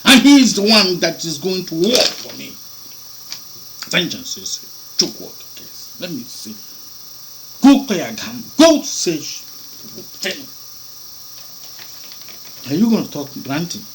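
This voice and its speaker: A man delivers a fiery sermon in a fairly high voice that leaps up and down. He fires off rhetorical questions and keeps repeating and restarting his phrases. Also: fairly bright tone, slight background noise, rough recording. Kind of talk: impassioned sermon.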